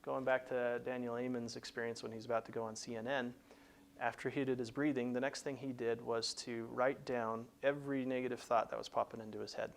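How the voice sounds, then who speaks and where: Speaking at medium pitch with a flat, brisk, creaky delivery, this career coach hosts an advice show where he teaches plainly and conversationally. He restarts frequently, and a slight hiss or hum runs underneath.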